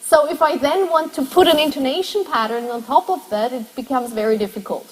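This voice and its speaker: A woman's voice: high voice, a little fast, big-room sound, poor audio. A woman lecturing a university class, explaining step by step and putting questions to her students.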